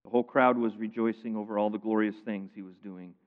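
A man preaching a sermon, retelling a scripture story with lively emphasis that swings between loud, pointed lines and quiet asides. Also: on the low side, fast talker. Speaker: pastor. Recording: phone-like sound with long hall reverb.

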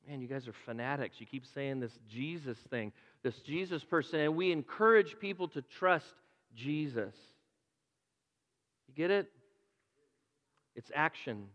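A man's voice: medium pitch, fairly bright tone, in a large hall, lo-fi sound. A man preaching a conversational sermon to a congregation, with playful asides and repeated words. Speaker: pastor.

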